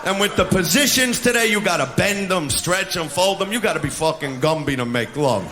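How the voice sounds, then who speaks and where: A male stand-up comedian doing a crude, brash routine, shouting his punchlines live on stage. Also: sits high, expressive, brisk, over music. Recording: echoey live venue with laughing audience and noise. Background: audience laughter.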